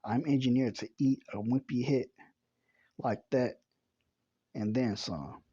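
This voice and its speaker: A man's voice: medium pitch, takes it slowly, warm tone, breathy edge, muffled recording. A man voicing a boastful male robot thug in a football uniform, read in his own plain voice. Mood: taunting. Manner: read plainly, no real voice put on.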